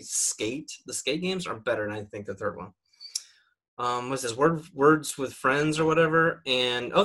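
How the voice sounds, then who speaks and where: A man's voice: medium pitch, pushed and bright. A young man on a gaming podcast giving casual, rambling opinions with lots of fillers. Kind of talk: casual chat.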